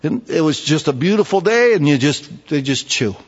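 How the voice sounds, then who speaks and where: A man preaching a sermon, telling folksy stories and switching between quiet asides and loud, emphatic points. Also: a little high, big pitch swings, normal speed, husky, big-room sound, dull audio. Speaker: pastor.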